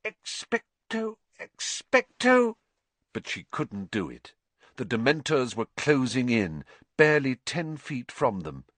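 A man narrating an audiobook in a measured, suspenseful way, dropping low for dark passages. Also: very animated, dry recording.

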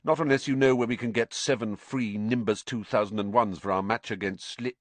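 A man's voice: lowish voice, steady tone, a little fast, no room sound, lightly acted. A man voicing a polite, earnest young schoolboy wizard in an audiobook. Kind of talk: audiobook character voice.

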